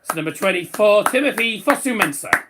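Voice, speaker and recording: A man's voice: sits high, lively intonation, fairly quick, very noisy. A man hosting a football watchalong, commenting live on the match and chuckling at viewers' messages. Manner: chatty, laughing at fans' bets.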